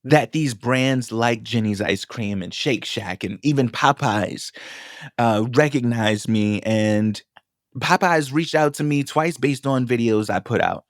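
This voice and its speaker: A young man hosting a solo podcast in a sassy, affirming, casual way, calling his listeners baby and hyping them up. His voice sits at an ordinary middle pitch. The sound is dry and close, with no room around it. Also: a little slow, no room sound. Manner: pep-talk, builds to emotional encouragement. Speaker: podcast host and food vlogger.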